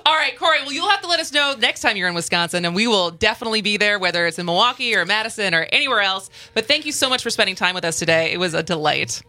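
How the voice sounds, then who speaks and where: Brisk, bright female radio host. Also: mid-range voice, expressive. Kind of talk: radio interview.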